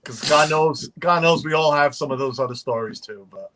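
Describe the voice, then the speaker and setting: A man's voice: fairly high pitch, normal speed, background noise. A man hosting a casual livestream video chat, joking and rambling with friends. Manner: joking, rambling, laughs often. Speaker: livestream host.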